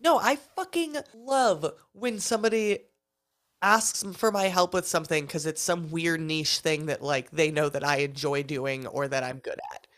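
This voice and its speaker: A woman's voice: sits low, normal speed, fairly bright tone. A young woman co-hosting a podcast in casual chat, enthusiastic, laughing as she talks and swearing now and then. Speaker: podcast co-host.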